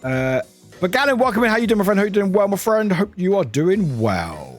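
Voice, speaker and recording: Animated high-voiced streamer. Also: male voice, fairly quick, faint music behind. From United Kingdom. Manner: animated and chatty, laughs often, exclaims loudly. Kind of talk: casual live-stream chat with viewers.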